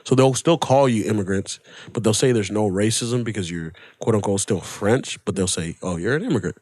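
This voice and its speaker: A man's voice: on the low side, moderate pace, dry recording, studio quality. A man with a slight African accent, a comedian chatting casually as a podcast guest, laughing as he tells stories. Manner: laughs often, animated storytelling.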